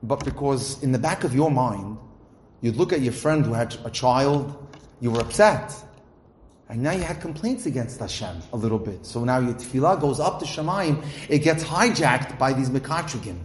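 A man giving a religious inspirational talk, reading Hebrew passages and translating them line by line in a lively storytelling manner. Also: mid-range voice, moderate pace. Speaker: lecturer. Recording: echoey room with faint noise.

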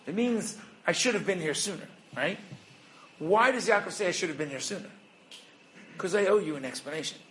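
Lively high-voiced rabbi teaching. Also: male voice, slight background noise, low-quality recording. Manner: animated, asks rhetorical questions; acts out little dialogues. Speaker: rabbi and educator. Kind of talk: Torah lesson.

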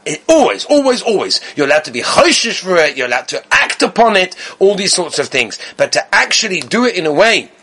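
A man's voice: high-pitched, big pitch swings, fairly quick, hardly any pauses, sharp tone, husky. A man giving a Torah lecture as a rabbi, emphatic and repeating key words.

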